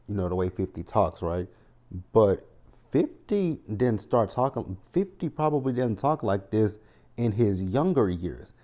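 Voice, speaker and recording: A man with a fairly low, dark-toned voice is a TV show recap vlogger. He gives a chatty, rambling recap of an episode, casual commentary packed with asides.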